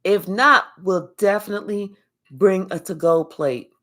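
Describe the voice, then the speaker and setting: A woman's voice: mid-range voice, unhurried, fairly bright tone. A woman giving a spiritual reading as a blunt, sassy storytelling monologue full of slang. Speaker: spiritual reader.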